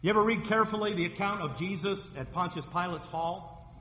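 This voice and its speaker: A man's voice: high voice, a little fast, fairly bright tone, long reverb tail. A man preaching a sermon as a pastor, retelling scripture stories vividly and acting out the quoted voices.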